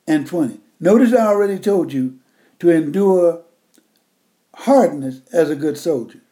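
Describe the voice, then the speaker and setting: Slow, warm-voiced old preacher man. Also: on the high side. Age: older. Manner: folksy, emphatic, swings between loud and hushed. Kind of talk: sermon.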